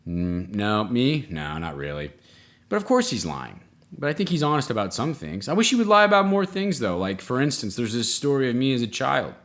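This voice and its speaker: A man hosting a comedy podcast, telling self-mocking stories in a rambling way, with sudden jumps in pitch. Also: huge pitch swings, fast talker, a bit bright. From United States. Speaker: podcast host. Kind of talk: comedic solo monologue.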